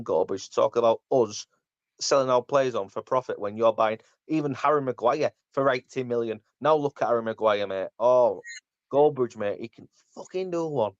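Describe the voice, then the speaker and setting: A man's voice: medium pitch, normal speed, no echo. Blunt man, lo-fi dry sound. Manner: blunt, mocking, rants. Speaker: podcast host. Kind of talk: casual football chat.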